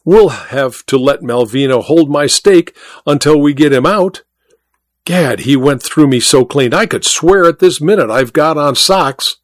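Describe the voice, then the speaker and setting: A man's voice: fairly high pitch, expressive, a little slow, no echo, clean studio sound. A man voicing a jovial, boastful wealthy mining magnate who talks in a hearty, bluff, joking way.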